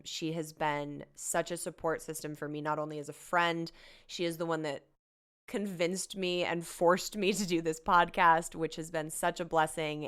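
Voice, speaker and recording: A woman's voice: deep voice, clear, resonant tone. A young woman hosting a podcast, talking in a frank, emphatic way and swearing freely. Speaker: podcast host. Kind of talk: casual podcast talk.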